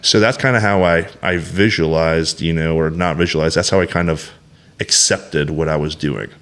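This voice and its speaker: In a candid podcast conversation, a guest in his thirties speaks at normal speed in a low, fairly bright voice with fairly even intonation. He's blunt and swears freely, delivering emphatic bursts and circling back through restarts and fillers.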